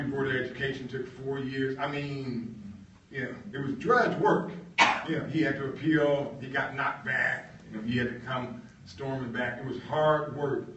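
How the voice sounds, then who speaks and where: A man giving a storytelling talk, halting with fillers and leaning hard on key words, heard from a distance in an echoey room. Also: mid-range voice, a bit bright, lo-fi sound, a little hiss or hum. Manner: halting, with many fillers and emphatic stresses. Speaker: guest speaker.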